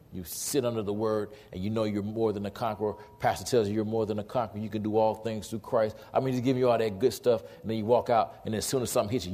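Forties male preacher, lowish voice, animated storyteller. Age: 40s. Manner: animated storytelling, acts out dialogue. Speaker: pastor. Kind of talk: sermon.

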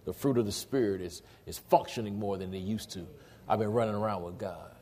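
Lower-voiced man preaching a sermon. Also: fairly quick. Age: 40s. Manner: animated storytelling, acts out dialogue. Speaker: pastor.

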